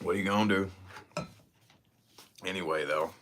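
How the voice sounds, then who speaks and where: This deep-voiced man speaks at normal speed over slight background noise. Chatting to camera for his vlog, he tells stories in a loose, profane, lively way.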